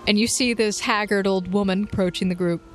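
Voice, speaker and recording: A woman's voice: mid-range voice, steady tone, a little fast, a little hiss or hum. A woman narrating as game master of a tabletop game in a casual, chatty way with many fillers.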